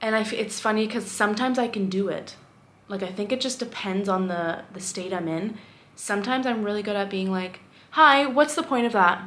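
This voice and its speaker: A woman's voice: mid-range voice, fairly quick. A young woman teacher talking candidly to camera in a casual vlog, rambling and reflective with frequent fillers. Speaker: vlogger.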